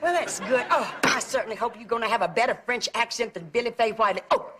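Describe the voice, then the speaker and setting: An actress playing a gossipy, nonstop-talking middle-aged aunt, in a sitcom. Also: female voice, fairly high pitch, fast talker, natural voice. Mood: chatty. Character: gabby meddling Southern aunt, middle-aged woman. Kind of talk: sitcom acting. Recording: noisy TV broadcast audio.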